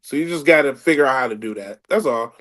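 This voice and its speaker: A male comedian talks in a relaxed, mentoring way in a casual chat. His voice sits at a middle pitch. He comes across as easygoing. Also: fast. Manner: laid-back, mentoring. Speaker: comedian guest. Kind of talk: casual chat, giving advice.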